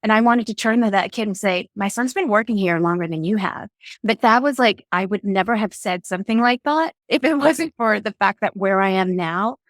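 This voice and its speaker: A woman's voice: medium pitch, brisk, dry recording. Upbeat woman guest, laughing, dry sound. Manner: laughs often, jokey and upbeat. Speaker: podcast guest. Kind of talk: casual chat.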